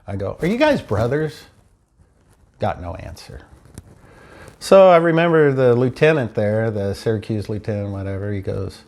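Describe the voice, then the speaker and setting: Telling a casual anecdote about his car being stolen, a man quotes everyone involved one by one, performing their dialogue. He speaks at a normal speed in a lowish, darkish voice with lively intonation.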